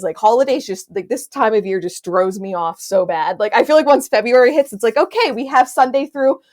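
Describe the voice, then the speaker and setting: A woman's voice: medium pitch, darkish tone. A young woman hosting a podcast in casual chat, talking in a chatty, filler-heavy way. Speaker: podcast host.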